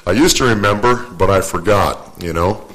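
A man's voice: on the low side, moderate pace, a bit bright, low-quality recording. An older man giving a folksy, storytelling sermon as a guest preacher. He jokes at his own expense and often repeats and restarts his phrases. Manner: joking, self-deprecating, repeats and restarts phrases.

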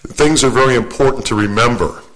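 With a medium-pitched, somewhat bright voice and a fairly quick pace, an older man preaches a folksy, story-driven sermon as a guest. He makes himself the butt of his jokes and keeps repeating and restarting phrases, all over poor audio.

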